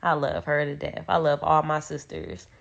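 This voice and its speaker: Young woman, low gravelly voice, emotional rambling phone livestream from a dark room at home. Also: lively intonation, normal speed, muffled recording. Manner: emotional, rambling with many fillers. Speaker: livestreamer speaking about her sister. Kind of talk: casual livestream talk.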